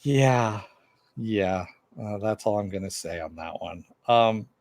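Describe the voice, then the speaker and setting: Brief: male reviewer, lowish voice, loose chatty recap, dry close mic. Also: takes it slowly, a little mellow, no echo. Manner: rambling, with many fillers; answers viewer chat. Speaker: TV show reviewer. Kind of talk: casual episode recap.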